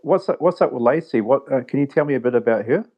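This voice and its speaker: A man's voice: medium pitch, lively intonation, quick pace, muffled recording. A man with an accent that sounds a bit British, a guest on a podcast, talking hesitantly with many ums and restarts. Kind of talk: casual podcast chat.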